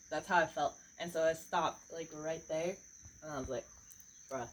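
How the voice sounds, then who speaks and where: Woman, lowish voice, rambling casual storyteller, says "like" a lot, faint night crickets behind. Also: steady tone, normal speed, slight background noise, poor audio. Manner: rambling, lots of "like" and "bro", laughs often. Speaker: podcast co-host.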